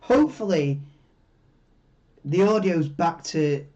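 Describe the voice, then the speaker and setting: A man hosting a live stream, chatting casually in a rambling, excitable way and swearing freely. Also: a little high, slow pace. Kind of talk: casual live watchalong chat. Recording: dull lo-fi mic, tinny.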